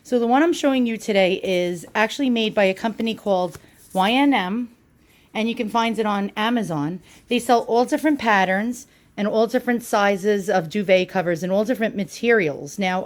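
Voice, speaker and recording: New York woman, mid-pitched, casual how-to demo, chatty with fillers. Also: moderate pace. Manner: chatty, with frequent ums and uhs. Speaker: product demonstrator.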